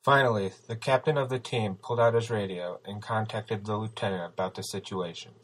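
A man reading a story aloud as narrator, steady and even. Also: lowish voice, brisk, poor audio. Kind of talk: audiobook narration.

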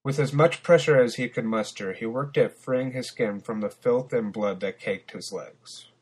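A man's voice: medium pitch, moderate pace, a little mellow, slightly rough. A man narrating his own story podcast, blunt and profane in his asides.

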